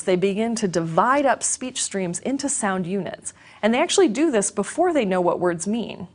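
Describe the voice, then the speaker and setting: Woman lecturer, mid-range voice, clear measured explanatory read. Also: medium pitch. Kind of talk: scripted educational lecture.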